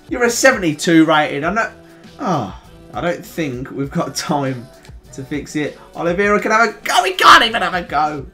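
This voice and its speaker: A young man with a Birmingham accent giving excitable, chatty play-by-play commentary on a football video game, groaning and shouting at near misses. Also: a little high, moderate pace, faint music behind. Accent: Birmingham English. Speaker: gaming YouTuber.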